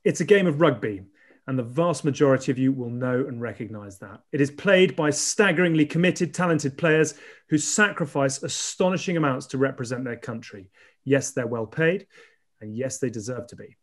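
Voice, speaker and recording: A man's voice: mid-range voice, normal speed. A man hosting a podcast, delivering a rhetorical, emphatic opening before chatting casually. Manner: rhetorical and emphatic, building lists. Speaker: podcast host. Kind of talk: scripted monologue, then casual chat.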